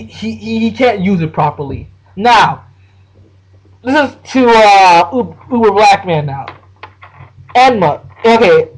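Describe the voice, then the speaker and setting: Husky, high-voiced excitable man. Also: low-quality recording. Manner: excitable, profane, full of slang and restarts. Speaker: anime reviewer. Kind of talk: casual anime rant to the camera.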